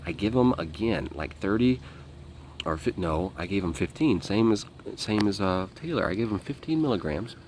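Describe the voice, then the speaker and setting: A man telling a story as an interview guest, animated, acting out what people said and swearing freely. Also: lowish voice, normal speed, a little hiss or hum. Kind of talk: casual storytelling.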